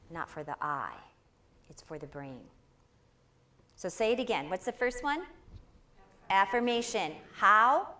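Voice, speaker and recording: A woman with a fairly low voice encourages a live audience at a spiritual center, speaking with energy and urging people to answer back during her inspirational talk.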